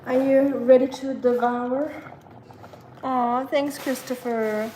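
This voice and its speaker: A woman's voice: on the high side, fairly even intonation, takes it slowly, darkish tone, rough recording. Chatty woman live-streaming from her kitchen. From learned British English. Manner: chatty, talks to her dog and reads comments. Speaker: livestream host. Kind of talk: casual live-stream chat while cooking. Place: home kitchen. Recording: clear kitchen background noise. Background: kitchen clatter of dishes and pots.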